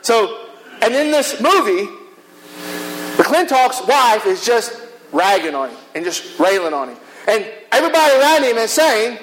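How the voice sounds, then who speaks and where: A middle-aged man, a pastor, preaching an animated sermon and repeating phrases for emphasis. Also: extremely high pitch, a little slow, a little hiss or hum, rough recording.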